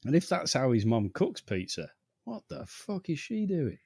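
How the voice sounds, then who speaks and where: A man's voice: fairly high pitch, sing-song, moderate pace, gravelly, a little mellow, slightly rough, dry recording, clean studio sound. A man co-hosting a podcast, riffing sarcastically with lots of swearing and laughs. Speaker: podcast co-host. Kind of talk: casual chat.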